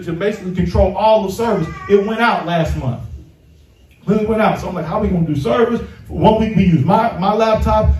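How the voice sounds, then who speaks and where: A man in his fifties, a pastor preaching a sermon and telling a lively story, chuckling and acting out the people in it. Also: high-pitched. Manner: animated, chuckling storyteller who acts out dialogue. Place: church sanctuary. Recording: roomy hall, voice from a distance.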